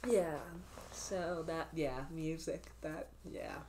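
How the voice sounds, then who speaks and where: A woman's voice: low-pitched, takes it slowly, dark tone, a little hiss or hum. A young woman in her twenties, a podcast guest, talking casually with lots of laughter and filler words. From Canada. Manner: giggly, rambling, many filler words. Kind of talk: casual conversation.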